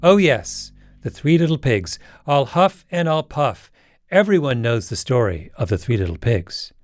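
A man's voice: medium pitch, sing-song, unhurried, no room sound. A man hosting a podcast in wry, emphatic scripted narration. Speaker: podcast host.

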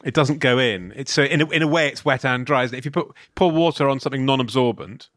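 A man's voice: medium pitch, fast talker, a bit bright, no room sound, clean studio sound. A man hosting a comedic podcast, rambling and joking in casual chat, often restarting words.

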